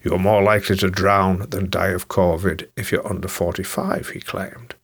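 A man's voice: low-pitched, little pitch movement, moderate pace, a bit bright, husky. A man reading his own scripted political commentary in a sardonic, mocking manner.

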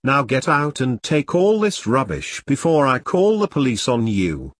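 A man's voice: mid-range voice, very animated, measured pace. A man voicing a stern, bossy middle-aged woman who scolds and snaps. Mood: scolding. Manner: scolding, snapping.

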